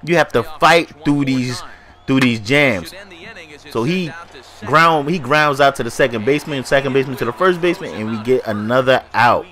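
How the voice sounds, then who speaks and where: A man's voice: mid-range voice, normal speed, bright, forceful tone. Stuffy-nosed man hyping his own gameplay. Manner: hyped, slangy, talks to viewers. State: stuffy nose from allergies. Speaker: gaming YouTuber. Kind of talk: casual gameplay commentary.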